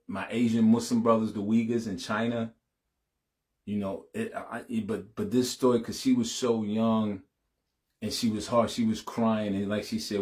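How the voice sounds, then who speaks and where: Low-voiced man talking to his audience. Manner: warm, repetitive, peppers speech with "man" and "you know what I'm saying". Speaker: channel host addressing his audience. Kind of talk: casual heartfelt live talk.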